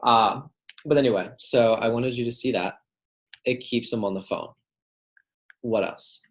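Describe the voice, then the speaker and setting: A man's voice: medium pitch, unhurried, a little hiss or hum. A man casually coaching his receptionists on phone calls, often asking "right?" and acting out both sides of a call. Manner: frequent "right?" checks, acts out phone calls. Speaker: manager coaching staff.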